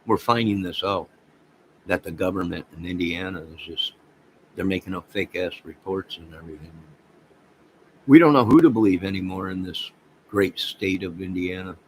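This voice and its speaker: A man's voice: sits low, normal speed, a little mellow, a little hiss or hum, low-quality recording. A man hosting a casual livestream, rambling and talking straight to his viewers. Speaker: livestream host.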